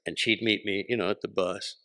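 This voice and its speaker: A man, a podcast guest telling stories in animated casual chat, acting out the voices he quotes. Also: on the low side, a little fast. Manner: animated, acts out quoted voices, laughs often.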